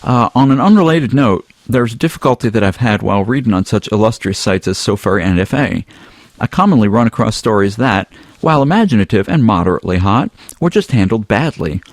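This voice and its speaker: A man with a lowish voice hosts a podcast, loose and rambling as he reads a listener's email aloud. The sound is close and dry. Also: fairly quick, no echo. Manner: relaxed, rambling, with some filler words. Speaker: podcast host. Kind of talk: casual podcast chat, reading a listener email.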